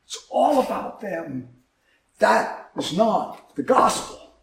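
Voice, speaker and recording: A man's voice: high-pitched, sing-song, takes it slowly, gravelly, fairly bright tone, slight background noise. Impassioned male preacher in an echoey hall. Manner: impassioned, rising and dropping emphasis. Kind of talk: sermon. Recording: echoey room from far off.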